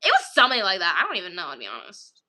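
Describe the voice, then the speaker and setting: A woman with a lowish, sharp-toned voice talks very fast, her pitch swinging wildly as she chats casually with viewers. She meanders through stories full of fillers and giggles frequently.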